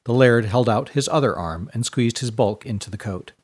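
A man narrating a scripted story in an even, measured reading. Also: mid-range voice, slightly rough.

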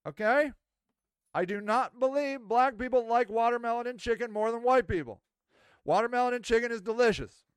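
Podcast host, man, high smooth voice, dry close sound, rambling and animated. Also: brisk, dry recording. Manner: rambling, self-mocking, animated. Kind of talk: casual monologue.

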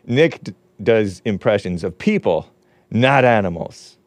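A man's voice: fairly low pitch, lively intonation, measured pace, no echo. A man hosting a casual livestream, reading viewer comments aloud and rambling with frequent laughs. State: losing his voice. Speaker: livestream show host.

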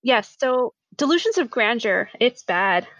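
A woman's voice: fairly high pitch, animated, unhurried, fairly bright tone, no room sound, highs cut off. A nasal-voiced woman in her thirties, co-hosting a podcast in chatty, self-mocking casual talk. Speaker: podcast co-host. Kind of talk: casual chat.

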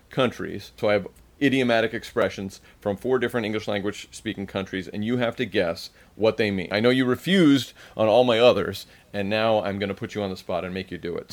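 A man co-hosting a comedy podcast, playfully quizzing his partner on odd phrases and laughing often. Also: fairly low pitch. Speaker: podcast co-host. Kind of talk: casual comedic chat.

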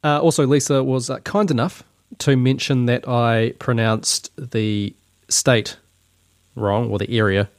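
A man's voice: mid-range voice, steady tone, a little slow, no echo, studio quality. A man with a New Zealand accent hosting a comedic commentary podcast, talking casually in wry, mock-indignant banter. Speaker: podcast host.

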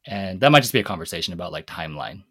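A man's voice: sits low, animated, very fast, fairly bright tone, slightly rough. A man co-hosting a casual panel discussion, working through ideas in a thoughtful, hedging way. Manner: thoughtful, hedging, many fillers. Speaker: podcast co-host.

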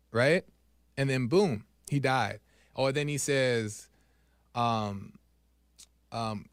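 A man hosting his own podcast, talking through a spiritual reflection in a loose, rambling way, full of fillers and "right?", sometimes dropping soft and low as he retells scenes. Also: slow pace, long pauses, clear, resonant tone, no room sound, studio quality. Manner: conversational, rambling, frequent "right?" and "um". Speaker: podcast host. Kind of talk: casual spiritual monologue.

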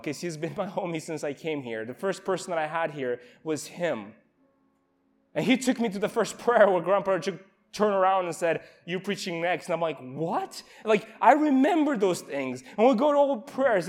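A young man giving an emotional, earnest informal sermon at a youth camp, with halting restarts. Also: high-pitched.

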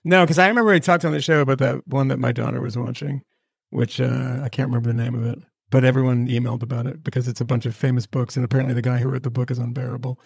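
A middle-aged man rambles through casual podcast chat with a gravelly edge to his voice. He sounds close and dry, with no room around him, and his delivery stays loose and unhurried. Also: medium pitch, no room sound. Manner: rambling, animated storyteller. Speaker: podcast host.

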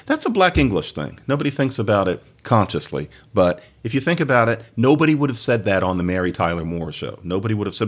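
A male podcast host giving a casual solo talk on language. His pitch swings widely as he chats, and he adds laughing asides. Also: brisk. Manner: animated, chatty, laughing asides.

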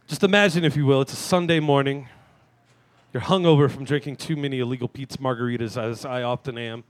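A man in his thirties hosting a live talk show, delivering a crude, self-mocking comic monologue with sudden shouted rants. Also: mid-range voice, steady tone, brisk, no room sound. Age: 30s. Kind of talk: stand-up style monologue. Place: live venue stage.

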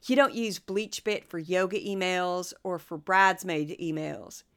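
A woman's voice: fairly low pitch, a little slow, clean tone. A woman doing an impression of a stern male politician, delivered emphatically and accusingly.

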